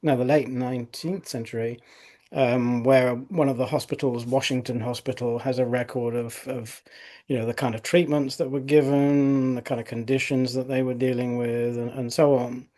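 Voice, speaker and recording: A man's voice: mid-range voice, little pitch movement, moderate pace, mellow. Rambling middle-aged male osteopath. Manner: rambling, many fillers and restarts. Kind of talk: interview anecdote.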